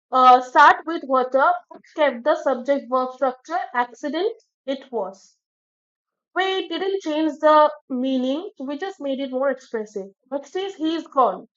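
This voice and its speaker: A woman's voice: high-pitched, a bit bright, muffled recording. A woman teaching an English grammar lesson, explaining step by step and checking in with "okay" as she goes.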